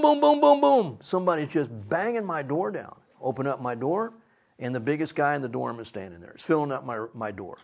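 Guy preaching, lively storyteller, gravelly voice. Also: high voice. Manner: animated, laughing through his story. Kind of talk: sermon storytelling.

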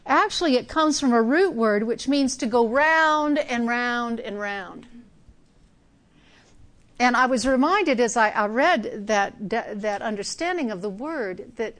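A woman with a fairly high voice preaches an earnest sermon. She presses hard on key words, then drops to a hushed near-whisper for effect. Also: expressive, measured pace. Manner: earnest, emphatic preaching with sudden soft drops.

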